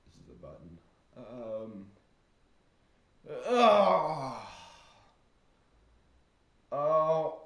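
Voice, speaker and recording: Young man, slow, animated storyteller, filler-heavy vlog chat, echoey room. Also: medium pitch. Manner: rambling, filler-heavy, acts out the voices in his story. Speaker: vlogger. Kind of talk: casual storytelling. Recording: roomy echo.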